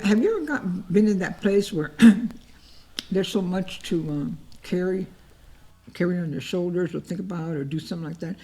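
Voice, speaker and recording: Mellow-voiced woman teaching the Bible. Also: fairly low pitch. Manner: emotive and repetitive, often acts out cries to God.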